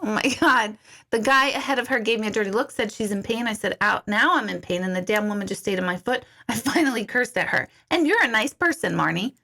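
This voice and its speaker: A middle-aged woman hosts a casual livestream and chats with her viewers. Her voice is bright and forceful, and she talks in a chatty, giggly way, often restarting her sentences. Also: on the high side, lively intonation, fast. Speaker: intuitive coach hosting a livestream. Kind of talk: casual live chat reading viewer comments.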